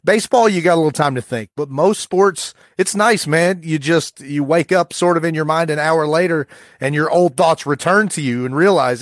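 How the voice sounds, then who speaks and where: A man's voice: a little high, moderate pace, no echo, studio quality. A man in his forties, a podcast co-host talking in an easygoing, reflective way in casual conversation. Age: 40s.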